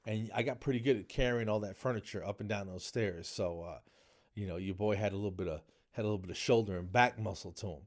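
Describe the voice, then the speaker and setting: A middle-aged man rambles through a casual storytelling monologue. His voice sits on the low side, and his delivery is loose and slangy, full of asides. He talks like a podcast host chatting to his listeners. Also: fast.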